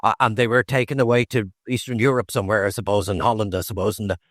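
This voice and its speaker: A man's voice: on the low side, fairly even intonation, fast, a bit bright, no room sound. An Irish man, a guest on a podcast, telling meandering stories about his old fishing days and often restarting his sentences. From Ireland (Howth). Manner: meandering anecdotal storytelling with frequent restarts. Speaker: guest, fisherman turned distiller. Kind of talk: casual conversation.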